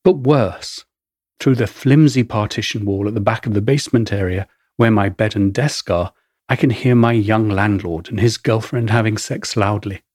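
A man with an English accent narrates his own memoir in a wry, measured storytelling manner. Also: fairly low pitch, darkish tone, breathy edge, dry recording, clean studio sound. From England. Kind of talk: first-person memoir narration.

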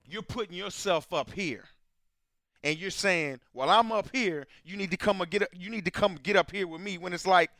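A man hosting a casual sports chat, arguing his point with slow, deliberate stresses. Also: high voice, vocal fry, sharp tone, no room sound, studio quality. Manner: argumentative, drawn-out pauses for effect. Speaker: show host.

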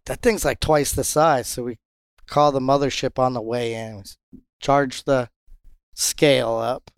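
A man who captains a charter fishing boat, telling fishing stories in a casual interview and jumping into high voices when he quotes others. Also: clear, resonant tone, no echo, clean studio sound. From Pompano, Florida. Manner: animated storyteller, jumps high when quoting others.

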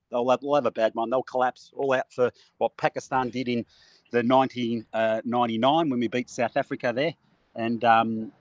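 A man's voice: medium pitch, dry recording. Boisterous Australian man on a muffled line. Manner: boisterous, chanting, blokey. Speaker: guest fan. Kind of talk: casual call-in chat.

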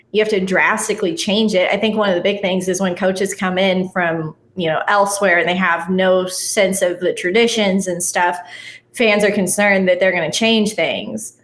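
A woman in casual conversation, relaxed and chatty, laughing often as she talks. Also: medium pitch. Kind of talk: casual chat.

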